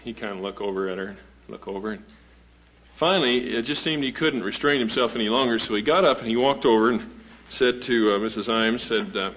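A man's voice: lowish voice, brisk, fairly bright tone. A man introducing a guest speaker to a live audience, telling a humorous story in a folksy, rambling way with many fillers and restarts. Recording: dull lo-fi old recording.

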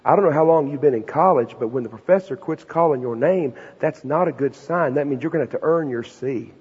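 A middle-aged man preaching a sermon, a folksy, emphatic storyteller who builds to loud punchlines. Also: on the high side, brisk, breathy edge. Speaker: preacher and Bible professor. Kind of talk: sermon with personal stories. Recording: dull recording with long hall reverb.

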